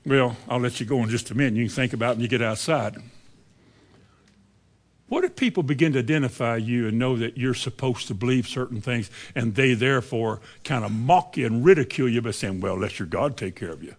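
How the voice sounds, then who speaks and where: A man in his seventies delivers a conversational sermon packed with rhetorical questions and wide swings in delivery. He speaks a little fast at a medium pitch.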